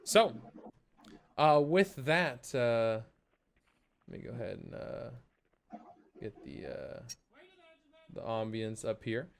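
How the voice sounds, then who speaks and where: A man running a tabletop game, narrating haltingly with many fillers. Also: mid-range voice, sing-song, vocal fry, a little hiss or hum. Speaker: game master.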